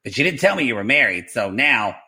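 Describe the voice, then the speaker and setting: A man's voice: medium pitch, very animated, fairly quick, pushed and bright, heavily acted. A man voicing a cool, blunt woman who shows no remorse, in a comic podcast reenactment, matter-of-fact in tone.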